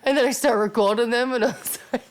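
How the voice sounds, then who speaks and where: Woman, thirties, podcast host, casual chat, swears a lot, acts out quotes loudly. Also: on the high side, a little fast. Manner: profane, animated, acts out shouted quotes.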